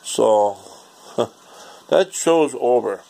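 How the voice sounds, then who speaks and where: A man's voice: medium pitch, animated, very slow, gravelly, dark tone. A man, ranting casually and profanely in a rambling home vlog. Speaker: vlogger.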